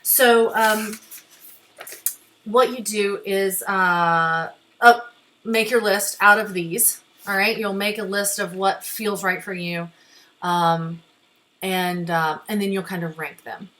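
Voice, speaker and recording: A woman therapist guiding a breathing exercise in a gentle, reassuring way, often checking in with listeners. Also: medium pitch, fairly even intonation, slow, low-quality recording. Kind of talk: guided therapy lesson.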